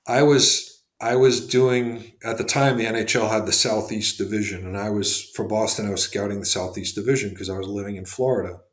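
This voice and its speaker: A man's voice: lowish voice, steady tone, brisk, hardly any pauses, reverberant. A man telling stories as a guest on a podcast, rambling with lots of fillers and restarts. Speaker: guest, former hockey executive and scout. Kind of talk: casual podcast interview storytelling.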